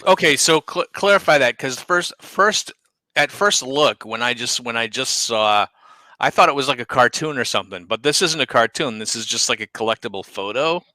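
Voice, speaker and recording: A man from Boston with a Boston accent, co-hosting a podcast in casual chat, wry and quick to laugh. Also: medium pitch, expressive, sharp tone, dry recording, low-quality recording. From Boston, USA. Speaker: podcast co-host.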